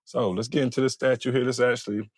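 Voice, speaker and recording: A Florida man who gives family court advice talks listeners through a casual teaching monologue, steady in tone, mid-range and fast, with a dry recording. He's repetitive and frequently checks in by asking "all right?"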